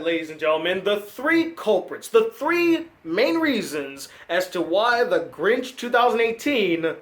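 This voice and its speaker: Male film critic, high voice, sarcastic ranting delivery, casual review host. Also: big pitch swings, measured pace, hardly any pauses, fairly bright tone, soft background music.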